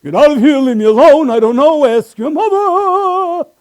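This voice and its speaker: A man's voice: extremely high pitch, normal speed, a little mellow, pitched above the performer's own voice. Man doing a barking German-accented dad. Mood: gruff. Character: gruff German-accented immigrant father.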